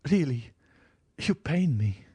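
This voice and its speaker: A man's voice: mid-range voice, normal speed, warm tone, dry recording, voice pushed up, close to an everyday voice. A man voicing Mercédès, a plaintive pleading countess. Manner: plaintive, tremulous. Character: sorrowful pleading noblewoman, middle-aged. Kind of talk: audiobook character reading.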